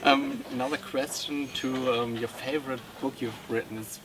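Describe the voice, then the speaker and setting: A man's voice: medium pitch, huge pitch swings, moderate pace, vocal fry. Hesitant German man asking questions. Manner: hesitant, lots of ums. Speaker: interviewer. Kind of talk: interview questions. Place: book fair. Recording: noisy book fair.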